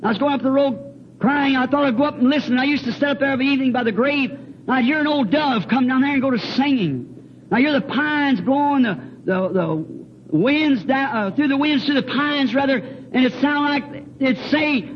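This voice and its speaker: A man's voice: extremely high pitch, moderate pace. A man preaching an earnest, emotional sermon, repeating words and breaking into hymn lines. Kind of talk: fervent sermon with personal testimony. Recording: dull lo-fi recording with faint hiss.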